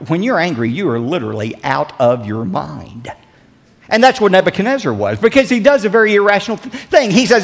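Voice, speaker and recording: A pastor delivering a sermon with dramatic swings in loudness and emphasis. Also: male voice, long reverb tail. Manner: dramatic preaching with big swings in pitch and volume.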